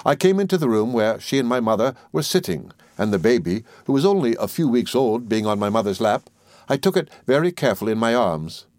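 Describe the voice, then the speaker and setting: This is scripted audiobook narration of a classic novel by a man with a medium-pitched voice. His storytelling is steady and measured, and the studio sound is clean with no room sound.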